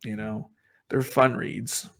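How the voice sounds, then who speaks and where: A man's voice: lowish voice, steady tone, slow, creaky, fairly bright tone. A man co-hosting a casual talk show, rambling through his thoughts with lots of fillers and restarts. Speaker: podcast co-host. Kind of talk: casual comic review chat.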